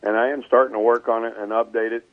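Over a dry, tinny phone line, a medium-pitched male voice with no echo belongs to a race car driver and team owner being interviewed casually. He talks through his plans in a relaxed, measured way, saying um and uh often.

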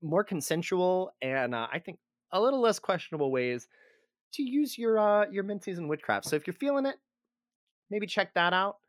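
A man's voice: sits high, lively intonation, normal speed, no room sound, studio quality. A man co-hosting a casual podcast, rambling and self-deprecating as he explains history. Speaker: podcast co-host.

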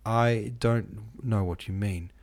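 A man's voice: fairly low pitch, steady tone, slow, a little mellow. A man voicing a poor, sickly young woman in an audiobook, her lines sullen and tearfully pleading. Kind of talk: audiobook character voice.

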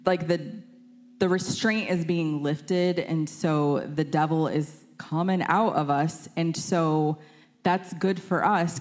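A young adult woman preaching informally, chatty, with many fillers and self-corrections while telling a personal story. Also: on the low side.

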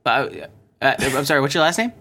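A man's voice: mid-range voice, sing-song, brisk, pushed and bright. Rambling male podcast host. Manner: rambling, self-interrupting, laughing often. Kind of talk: casual chat.

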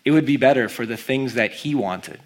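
A man preaching a sermon as a pastor, reading scripture aloud and stressing key words with animated emphasis. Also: medium pitch, fairly quick.

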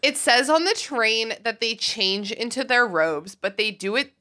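Bright-voiced woman podcast co-host. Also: a little high, animated, measured pace. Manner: laughs often, wry and blunt. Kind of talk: casual chat.

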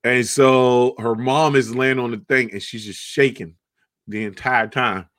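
A young adult man chatting casually, telling an animated, profane story and laughing often. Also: mid-range voice, unhurried, a little hiss or hum.

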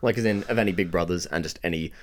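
A man's voice: low-pitched, very fast. A man co-hosting a podcast, chatting casually, rambling, swearing freely and laughing often. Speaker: podcast co-host. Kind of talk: casual chat.

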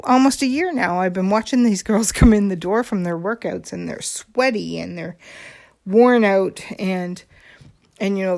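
A woman's voice: lowish voice, vocal fry, darkish tone. A woman hosting a podcast, telling a personal story in a candid, confiding way, with frequent ums and restarts. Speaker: podcast host.

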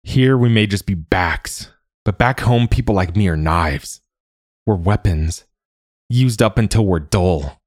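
A bitter, desperate young tunnel worker, voiced by a man reading a story. His low voice carries a hard edge and breaks into raw screams when panic takes him. The recording is dry and close. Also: animated, unhurried, dry recording. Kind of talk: audiobook character voice.

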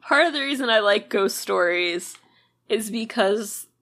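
A woman co-hosts a casual podcast. She recounts a grim old crime tale in a loose, chatty way, full of "uh" and "like." Her voice sits at an ordinary pitch. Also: lively intonation, measured pace, fairly bright tone. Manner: conversational storytelling with many fillers and "like". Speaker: podcast co-host. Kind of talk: casual chat, telling a true crime ghost story.

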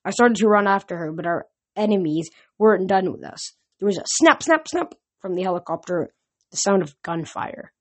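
A woman's voice: mid-range voice, expressive, moderate pace. Woman reading a novel aloud. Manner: plain reading with slips and restarts. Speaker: podcast reader.

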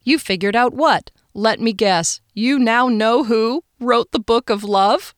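A woman's voice: fairly high pitch, measured pace, dry recording, clean studio sound, voice pushed up, lightly acted. A woman voicing a male music shopkeeper who speaks in clipped, stilted phrases.

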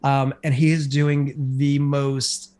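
A man's voice: mid-range voice, flat delivery, takes it slowly, mellow. A man casually recapping a TV episode on a podcast, rambling with lots of fillers. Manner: rambling, filler-heavy retelling. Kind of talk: casual chat.

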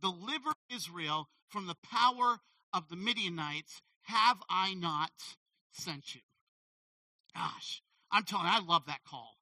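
A man preaching a sermon as a pastor, animated and conversational, often checking in with "okay?". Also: high voice, measured pace, no echo, distant mic, poor audio.

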